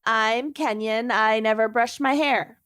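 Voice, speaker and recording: A woman co-hosting a podcast, reading the show intro and then chatting in a brisk, matter-of-fact way. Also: on the high side, steady tone, a bit bright, smooth. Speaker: podcast co-host. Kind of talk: scripted show intro and casual chat. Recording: music playing behind the voice.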